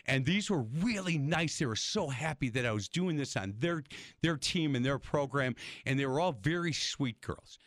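Animated older man telling stories. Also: fairly high pitch, normal speed, no echo, studio quality. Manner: animated storyteller, acts out quotes. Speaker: radio host. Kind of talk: casual interview chat.

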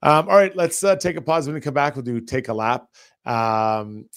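A man's voice: medium pitch, fairly even intonation, moderate pace, fairly bright tone, no echo, clean studio sound. A man co-hosting a hockey podcast, talking casually and with energy about the game. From Canada. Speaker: podcast co-host. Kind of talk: casual sports talk and read ads.

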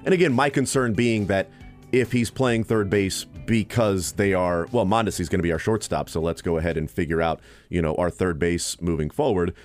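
A man's voice: low voice, normal speed, a little mellow, soft background music. A man hosting a sports radio show, talking baseball in a loose, rambling way with many fillers. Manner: rambling, thinking aloud with fillers.

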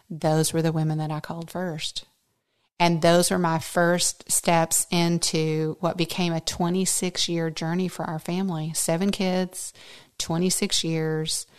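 A woman's voice: on the low side, clean tone. A woman in her fifties, a podcast host telling a personal story in an earnest, faith-centered way, acting out the things people said. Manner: lively storyteller who acts out quoted speech.

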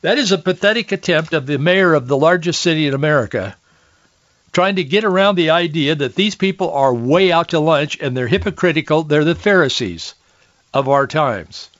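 Male talk radio host, folksy commentator who restarts a lot, slightly high voice, dry dull studio sound. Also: expressive, normal speed, fairly bright tone, dry recording. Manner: folksy, restarts often, reads quotes aloud with rising heat.

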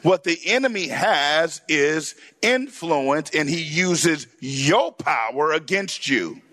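A man pastor delivers a lively sermon in a high, ringing voice. He tells stories with energy and jumps to shouts for emphasis. His tone is bright and cutting, and he laughs along with the congregation. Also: takes it slowly, no echo. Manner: animated storytelling, shouting punchlines, laughing along.

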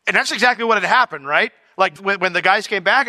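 Male Bible teacher, slightly high and very bright voice. Talks casually, acts out dialogues, reads verses more softly. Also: quick pace, dry recording, clean studio sound, long reverb tail. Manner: animated, acts out imagined dialogues in shifting voices; reads scripture aloud in a lower, softer voice.

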